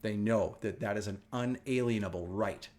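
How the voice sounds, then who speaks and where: A middle-aged man from the United States hosting a casual wellness talk, telling stories with animated energy and frequent laughter. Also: on the low side, normal speed. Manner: animated storytelling, laughs often. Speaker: wellness show host. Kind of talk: casual chat.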